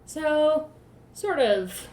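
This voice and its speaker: A woman's voice: sits high, animated, a little mellow. Woman podcast co-host, sarcastic, profane, casual chat, echoey room, faint noise. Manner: sarcastic, profane, acts out characters in quick asides. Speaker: podcast co-host recapping a book.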